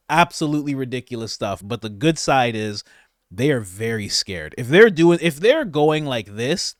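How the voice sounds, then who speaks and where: A man's voice: on the high side, fairly bright tone, dry recording, studio quality. Laughing, incredulous man reacting to clips. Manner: laughing often, incredulous and mocking. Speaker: commentary channel host. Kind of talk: reaction commentary on political clips.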